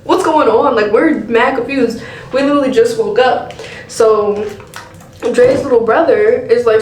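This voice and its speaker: A young woman tells a story on camera while styling her hair, slipping in quoted lines from the people involved. Her voice sits a little high, and she keeps it loose and slangy. The room around her rings with echo. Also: normal speed, a little hiss or hum. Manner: slangy, animated retelling with quoted dialogue and laughs. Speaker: vlogger. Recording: echoey room.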